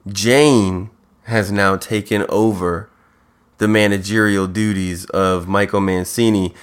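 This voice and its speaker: A man's voice: fairly low pitch, steady tone, slow pace. A man co-hosting a podcast, recapping a TV episode in a casual, laid-back way and slipping into silly character voices. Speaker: podcast co-host.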